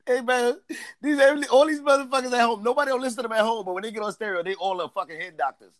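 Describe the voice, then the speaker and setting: A man's voice: very high-pitched, rapid-fire, no room sound. A man hosting a livestream with loose comic banter, clowning and laughing often. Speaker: comedy host.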